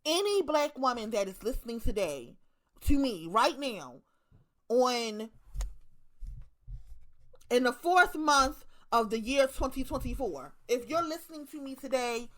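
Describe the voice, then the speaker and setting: A woman's voice: sits high, lively intonation, a little slow, long pauses. A woman in her thirties with a Baltimore accent, talking bluntly and profanely to her viewers in a casual monologue, hammering her points with repetition. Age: 30s. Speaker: online commentator.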